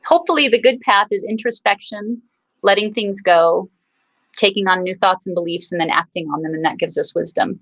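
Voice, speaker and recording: A woman's voice: mid-range voice, a bit bright, dry recording, poor audio. Thoughtful woman speaking in a dry close tone. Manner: earnest and thoughtful, speaking in measured, encouraging phrases. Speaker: guest singer. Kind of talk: reflective interview talk.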